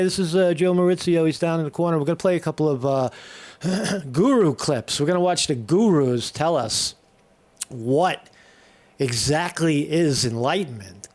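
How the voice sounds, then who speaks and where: A man's voice: fairly high pitch, darkish tone. A man hosting a live morning stream in a casual, irreverent way, full of fillers and restarts. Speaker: host of a live morning show.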